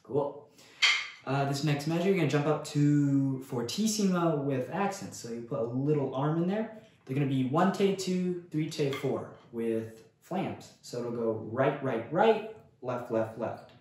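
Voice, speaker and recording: A man talks through a snare drum lesson in a relaxed, casual way, counting rhythms aloud as he goes. His voice sits in a very echoey room, with faint noise underneath. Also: mid-range voice, unhurried. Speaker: percussion instructor.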